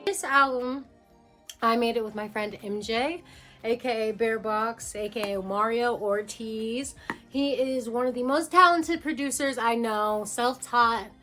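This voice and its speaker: A young adult woman talks through her creative process in a loose, casual vlog style. She rambles with lots of fillers and breaks into quoted voices. Her voice sits a little higher than most women's, and faint music plays underneath. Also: a little slow, pushed and bright. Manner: chatty, filler-heavy, jumps into quoted voices. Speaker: musician explaining her album. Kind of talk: casual to-camera talk.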